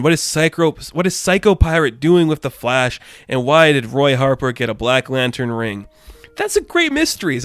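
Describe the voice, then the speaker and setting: A young man excitedly recapping a comic book in a casual chat, laughing often and acting out characters' lines in playful voices. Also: a little high, dry recording. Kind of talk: casual recap with acted-out quotes.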